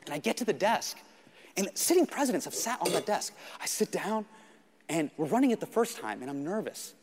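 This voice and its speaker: A man doing stand-up, telling a self-mocking story in an animated way with acted-out quotes. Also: high-pitched, a little fast. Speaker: stand-up comedian. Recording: live stage mic with audience noise. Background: audience crowd noise.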